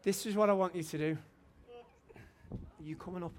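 A man in his forties preaching a testimony sermon in a church hall, fervent and shouting at his high points. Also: fairly even intonation, normal speed, a little hiss or hum.

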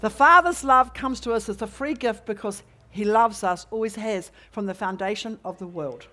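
A middle-aged woman preaching in a church meeting, telling a personal story with lively rhetorical questions to the congregation. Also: mid-range voice, normal speed. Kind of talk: sermon testimony.

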